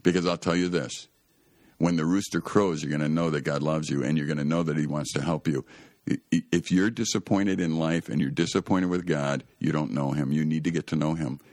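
A man's voice: very deep voice, fairly even intonation, a little fast, darkish tone, no room sound, studio quality. A man hosting a Christian radio talk show, telling a Bible story in an earnest, emphatic way that often rises to exclaim.

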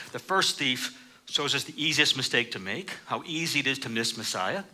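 A man delivers a sermon with a strikingly bright, forceful tone and a lively, swinging pitch. His voice sits a little higher than most men's. He reads scripture and presses his points with rising emphasis. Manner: preaching with rising emphasis, reading scripture aloud. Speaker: preacher.

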